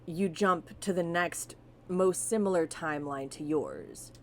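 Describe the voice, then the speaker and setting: Animated, swearing woman podcast host. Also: lowish voice, unhurried, slight background noise. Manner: animated, swears freely, laughs through stories. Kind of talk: casual storytelling chat with profanity.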